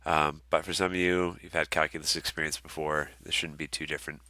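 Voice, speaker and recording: Low bright-toned man, dry close sound. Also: a little fast, no echo. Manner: relaxed, many ums and uhs, friendly asides. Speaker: course instructor. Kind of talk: casual recorded course walkthrough.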